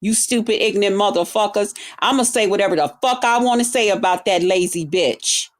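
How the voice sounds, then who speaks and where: A woman with a mid-range voice speaks briskly as she rants at her livestream viewers. She's angry, profane, and confrontational, cursing at them and drawing out words for emphasis.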